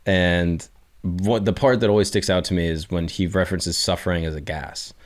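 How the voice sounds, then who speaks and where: A man hosting an interview, asking long, curious questions in a relaxed conversational way. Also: sits low, moderate pace. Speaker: podcast host.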